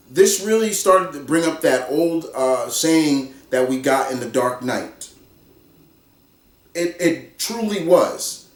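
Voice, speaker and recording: A man giving a casual spoken film review, excitable and repetitive, acting out his own reactions. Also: high-pitched, roomy sound, distant mic. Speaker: movie reviewer.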